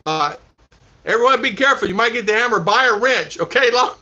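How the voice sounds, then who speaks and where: Male vlog host chatting to a live chat, bright tense tone, rambles and repeats, muffled stream sound. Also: extremely high pitch, expressive, brisk, soft background music. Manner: rambling, repeats himself, laughs a lot. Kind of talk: casual livestream chat. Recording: dull lo-fi stream audio.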